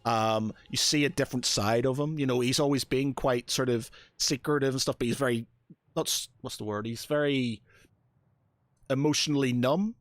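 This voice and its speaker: A man narrating as game master, halting and restarting often as he describes a scene. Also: medium pitch, fairly even intonation, no echo. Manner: halting, full of fillers and restarts.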